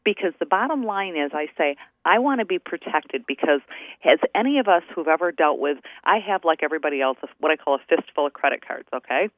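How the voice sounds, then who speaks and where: A woman's voice: deep voice, lively intonation, fast talker, no room sound. A woman attorney calling in as a radio guest, telling stories chattily and acting out the quoted dialogue. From New Hampshire. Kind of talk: radio call-in interview. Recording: tinny phone line.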